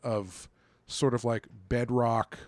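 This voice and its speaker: A man's voice: mid-range voice, flat delivery, takes it slowly, dry recording. A man co-hosting a casual horror movie podcast, rambling with lots of fillers and restarts. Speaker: podcast co-host.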